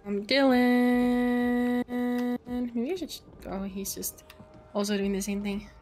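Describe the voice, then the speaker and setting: A woman's voice: medium pitch, moderate pace, warm tone, soft background music. A young woman streamer chatting playfully with friends while playing a game, giggling and reading text aloud.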